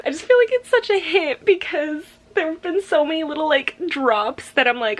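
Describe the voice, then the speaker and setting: A woman's voice: mid-range voice, lively intonation, moderate pace, hardly any pauses, fairly bright tone. A young woman chatting casually in a book vlog at home, gushing and anxious, with lots of fillers. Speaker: book vlogger.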